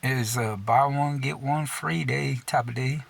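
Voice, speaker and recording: A man's voice: medium pitch, a little slow, vocal fry, slightly rough. A young man from Texas telling a casual, profane rant, swearing constantly, saying "dude" a lot and laughing at himself mid-sentence. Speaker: storyteller.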